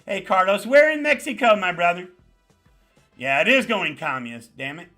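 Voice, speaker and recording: Animated New York man hosting a livestream. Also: sits high, moderate pace, soft background music. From the Bronx. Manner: animated, greets viewers by name, emphatic repetition. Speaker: livestream host. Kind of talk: casual live chat reading comments.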